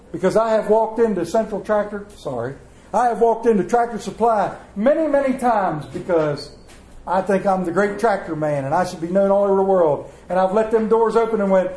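A man's voice: sits high, a little mellow, reverberant, poor audio. A man preaching a sermon in a folksy storytelling way, acting out the voices in his stories. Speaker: pastor. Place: church.

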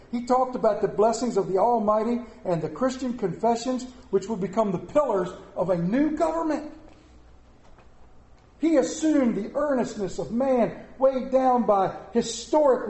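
A middle-aged pastor preaching a sermon in a church, animated and mixing comic asides with scripture. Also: male voice, very high voice, roomy sound. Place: church sanctuary.

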